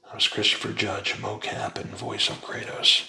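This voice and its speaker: A man reading a book aloud in a soft, unhurried ASMR whisper. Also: on the low side, monotone, gravelly, reverberant, rough recording. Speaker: ASMR reader.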